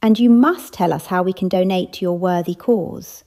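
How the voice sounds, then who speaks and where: A woman's voice: on the low side, normal speed, warm tone, lightly acted. A woman voicing a gracious older aunt playing the polite hostess.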